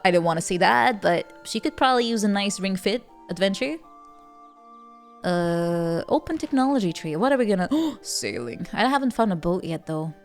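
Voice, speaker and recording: A woman streaming a strategy game, chatting playfully and reacting animatedly, often repeating words as she stammers and laughing between remarks. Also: lowish voice. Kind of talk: casual live game-stream chat.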